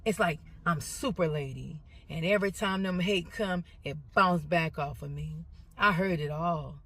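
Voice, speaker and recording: A woman's voice: fairly low pitch, measured pace, a bit bright, breathy edge. Confrontational middle-aged woman ranting. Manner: emphatic, repetitive, confrontational. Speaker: social media poster. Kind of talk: emotional rant to camera.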